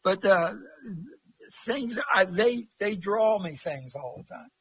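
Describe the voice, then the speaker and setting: A man's voice: high-pitched, expressive, takes it slowly, a bit bright, a little hiss or hum. A man, a long-distance walker telling stories as an interview guest in a rambling, folksy way. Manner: rambling, folksy, many fillers. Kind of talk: casual storytelling.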